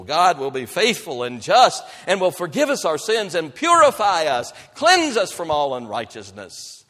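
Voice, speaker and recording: A male pastor preaching a sermon with dynamic delivery, swinging between loud emphatic lines and soft hushed ones. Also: mid-range voice, sing-song, moderate pace, hardly any pauses, big-room sound.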